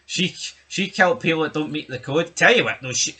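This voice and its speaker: Very bright-toned bantering man. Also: fairly high pitch, animated, a little fast, breathy edge. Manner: bantering, crude jokes, hypothetical musings. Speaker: TV review podcast co-host. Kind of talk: casual chat.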